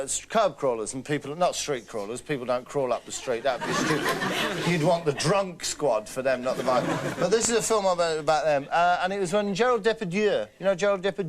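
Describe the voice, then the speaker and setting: Male comic host, rambling deadpan patter, slightly high-pitched. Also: background noise. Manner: rambling, chatty, frequent fillers and "right?". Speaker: comedy host. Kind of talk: deadpan comic monologue in character.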